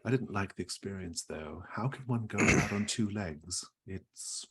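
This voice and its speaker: A man voicing a wary, proud female fox in a tabletop game, speaking in a calm, measured and faintly lofty way. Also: low voice, gravelly, slightly rough, pitched above the performer's own voice, heavily acted. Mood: wry.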